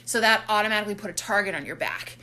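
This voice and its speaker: A woman casually recapping a horror film plot, animated and quick to act out the characters' lines. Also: mid-range voice. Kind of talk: casual movie recap chat.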